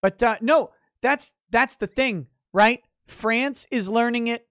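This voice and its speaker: A man's voice: extremely high pitch, takes it slowly, no room sound, studio quality. Profane ranting male livestream host. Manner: profane, ranting, laughs between lines; animated with sudden loud bursts. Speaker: livestream host reading chat. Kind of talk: casual livestream chat.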